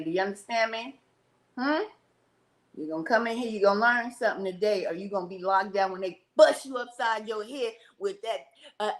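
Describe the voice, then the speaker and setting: A woman's voice: mid-range voice, a bit bright. A woman hosting a live reaction stream. She reads chat comments aloud and scolds the chatters in a sassy, mocking way, with folksy pet names and exclamations. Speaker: livestream host reacting to a video.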